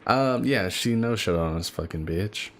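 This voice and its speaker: A man's voice: on the low side, animated, moderate pace, a bit bright, slight background noise. A man co-hosting a casual podcast, bantering with jokes and profanity. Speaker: podcast co-host.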